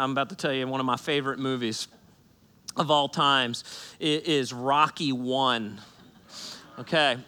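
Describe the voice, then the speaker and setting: A man preaching a sermon to a congregation in a church, retelling a story with animated, joking delivery. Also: fairly high pitch. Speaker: pastor.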